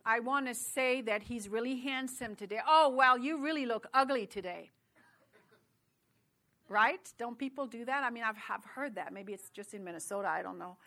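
Bright-voiced woman preaching. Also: fairly high pitch. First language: French. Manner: conversational, chatty preaching with asides and laughs. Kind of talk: sermon.

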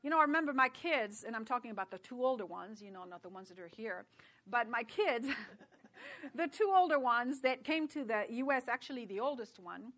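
A middle-aged woman preaches in a bright, forceful voice that sits a little high. She talks to the congregation in a chatty way, full of asides. Her sermon sounds loose and personal rather than read from a script. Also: lively intonation, fairly quick. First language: French.

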